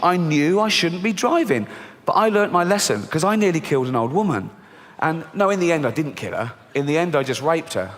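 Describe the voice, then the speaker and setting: A middle-aged man performs stand-up, his voice set slightly high and swinging widely in pitch. He delivers deadpan punchlines to a laughing audience, heard with long reverb in a large live theatre. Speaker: stand-up comedian. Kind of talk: stand-up comedy routine.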